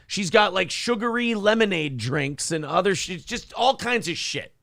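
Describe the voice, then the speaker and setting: A man's voice: high-pitched, animated, normal speed, creaky, fairly bright tone, dry recording, studio quality. A man hosting a morning show, telling a story as a profane, heated rant. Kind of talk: casual podcast chat.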